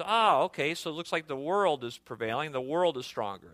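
A man preaching a sermon as pastor. He speaks emphatically, jumps in pitch suddenly and often stumbles over repeated words. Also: lively intonation, a little fast, hardly any pauses, a bit bright, no room sound.

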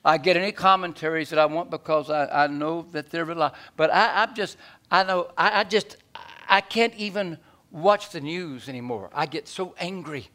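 A man preaching a sermon in a folksy, animated way, swinging from loud to hushed. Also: fairly high pitch, moderate pace.

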